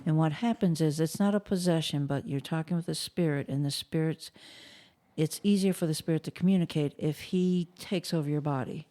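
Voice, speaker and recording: A podcast co-host with a mellow, dark-toned voice and a mid pitch. Speaks thoughtfully in casual chat and poses questions to the guests. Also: a little fast.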